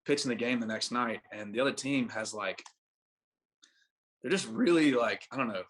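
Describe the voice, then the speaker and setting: A man's voice: medium pitch, moderate pace. A young man in his twenties, a podcast guest, telling a rambling anecdote full of fillers and acted-out dialogue. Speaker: podcast guest, baseball pitcher. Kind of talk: casual storytelling.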